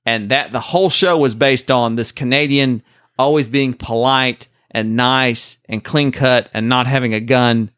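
A man's voice: mid-range voice, a bit bright, no room sound, clean studio sound. A man co-hosting a podcast, rambling at length through stories in casual chat. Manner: rambling, talkative storyteller. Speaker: podcast co-host.

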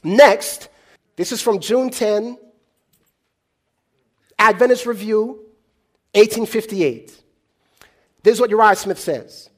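A man preaching a sermon in a call-and-response style, swinging between loud exclamations and hushed, low delivery. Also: slow, long pauses.

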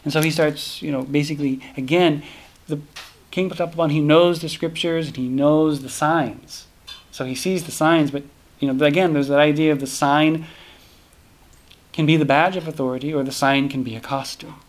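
A man's voice: fairly high pitch, fairly even intonation, moderate pace. A man teaching a scripture class in a casual, rambling way, often breaking off and restarting. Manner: rambling, self-interrupting, many fillers.

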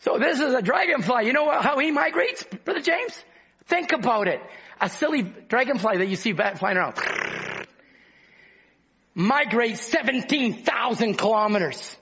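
A man preaching a sermon with fervor, breaking into shouts and then dropping low to talk with the congregation. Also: animated, moderate pace, husky, lo-fi sound.

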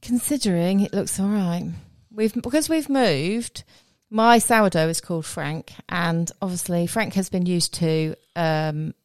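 A woman's voice: lowish voice, a little slow, hardly any pauses, no echo. A woman from Oxford co-hosting a podcast, chatting casually with long, meandering explanations. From Oxford, England. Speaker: podcast co-host. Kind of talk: casual chat.

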